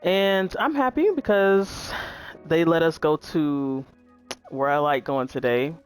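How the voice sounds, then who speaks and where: A woman gaming YouTuber chatting casually with viewers while she plays, relaxed and talkative. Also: sits low, slow, smooth, faint music behind. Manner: chatty, relaxed, says "y'all" and "um" a lot. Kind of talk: casual gameplay commentary.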